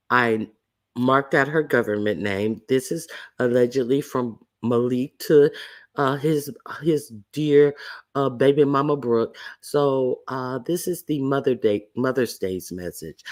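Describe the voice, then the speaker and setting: A man's voice: medium pitch, slow pace. A man hosting a livestream, giving blunt, sassy gossip commentary and greeting chat viewers between remarks. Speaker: livestream host.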